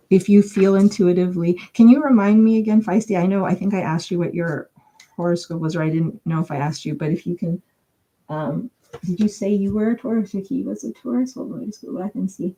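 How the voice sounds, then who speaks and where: A woman's voice: mid-range voice, fairly quick, warm tone, poor audio. A woman doing a chatty live-stream tarot reading, thinking aloud with lots of fillers and giggling now and then. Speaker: tarot reader. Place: home.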